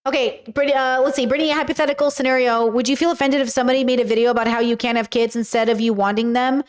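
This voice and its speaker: High pitched young woman on a livestream, talks straight to chat, blunt and animated. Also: fast talker, clean tone. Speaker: livestream host reading chat. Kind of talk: casual chat. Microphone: webcam or desk mic on a livestream.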